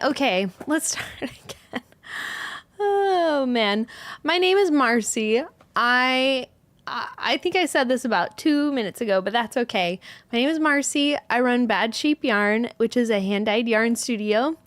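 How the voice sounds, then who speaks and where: A woman's voice: fairly high pitch, animated, measured pace, a bit bright, no echo. A woman hosting a casual livestream, chatting and greeting viewers one by one by name, a little scattered as she reads comments. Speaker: host, yarn studio owner.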